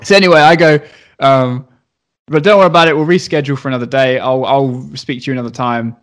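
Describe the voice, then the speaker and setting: A man's voice: mid-range voice, fast talker. A young man, a teacher, telling a story in casual chat, swearing and acting out the voices of the people in it. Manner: animated, swearing, acts out voices. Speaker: primary school teacher.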